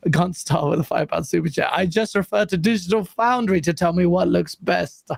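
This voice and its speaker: Hoarse guy hosting a gaming stream, gravelly, kinda high voice, dry close mic. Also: normal speed, no echo. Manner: blunt, swears, laughs often. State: lost voice. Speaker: livestream host. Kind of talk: casual panel chat, reading super chats.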